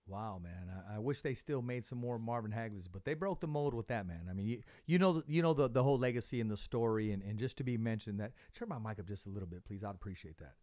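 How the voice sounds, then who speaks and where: A man hosting a podcast, telling stories in a casual, animated way, repeating words as he talks. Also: lowish voice, fast talker, few pauses. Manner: animated storyteller, repeats words, laughs often. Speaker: podcast host. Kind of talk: casual interview chat.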